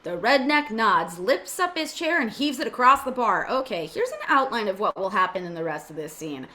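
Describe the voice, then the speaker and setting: Lively woman reading stage directions. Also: mid-range voice, moderate pace, slight background noise. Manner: reads directions with joking asides. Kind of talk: amateur script reading.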